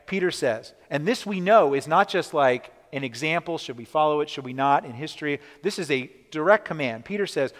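Male preacher, emphatic and repetitive, somewhat high-pitched, heard in a reverberant hall. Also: fairly bright tone. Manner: emphatic, repeats key points, slows for emphasis; asks the listeners questions. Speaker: pastor. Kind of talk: sermon teaching.

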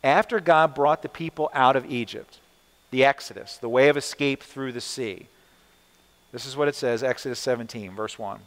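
A man's voice: medium pitch, moderate pace. A male pastor preaching a sermon, asking rhetorical questions and acting out the people and God in short quoted lines. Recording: long hall reverb.

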